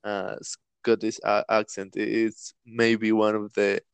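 Male host, low and gravelly, slow and hesitant, dry recording with soft music. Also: completely flat delivery, no room sound. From Latin America. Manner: hesitant, many ums, laughs often. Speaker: podcast host. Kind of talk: casual podcast conversation.

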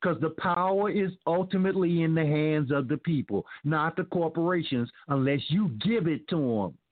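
A man's voice: a little high, normal speed, no echo. A male talk host reading news aloud and commenting with sarcasm, calling his listeners family. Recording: dry phone-like line.

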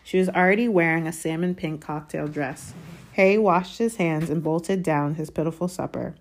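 Woman, low voice, calm steady audiobook reader. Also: normal speed. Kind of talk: reading a novel chapter aloud.

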